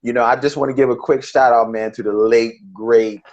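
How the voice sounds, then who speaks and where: A man co-hosting a podcast, opening the show with relaxed, friendly patter. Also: medium pitch, fairly quick. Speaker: podcast co-host. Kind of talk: casual podcast chat. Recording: dull lo-fi recording.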